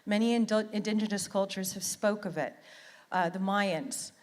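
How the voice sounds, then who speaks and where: In a large hall, a middle-aged Canadian conference speaker offers sincere motivation in a mid-range voice at normal speed with fairly even intonation. Repetition of words for emphasis is a regular feature of her talk.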